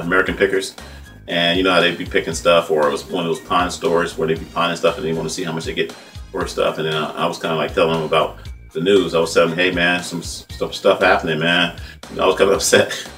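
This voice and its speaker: Male vlog host, 50s, from California: rambling heartfelt commentary, low voice, quick delivery, set back from the mic with faint music under it. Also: fairly even intonation, a bit bright, far from the mic. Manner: conversational, repetitive, heartfelt, says "man" often. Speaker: independent journalist and vlog host.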